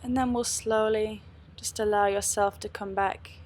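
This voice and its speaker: A woman yoga teacher leading a guided meditation with slow, calm, soft-spoken guidance. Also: medium pitch.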